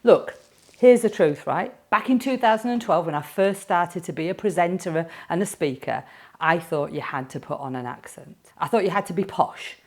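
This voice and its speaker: A woman's voice: lowish voice, expressive, moderate pace. A woman with a Yorkshire accent, a speaking coach talking playfully and directly to camera. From Yorkshire, England.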